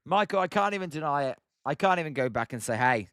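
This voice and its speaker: A man's voice: a little high, animated, fast talker, fairly bright tone, clear, resonant tone, dry recording, studio quality. A young British man hosting a live stream, calling play-by-play and chatting with viewers by name. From Britain. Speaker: live stream host calling a baseball game. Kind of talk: live play-by-play commentary while reading chat.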